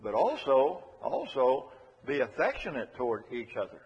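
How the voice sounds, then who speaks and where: A man's voice: mid-range voice, very animated, moderate pace, darkish tone, husky. A man preaching a sermon in an earnest, emphatic way, repeating his key phrases to drive them home. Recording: echoey hall, dull lo-fi sound.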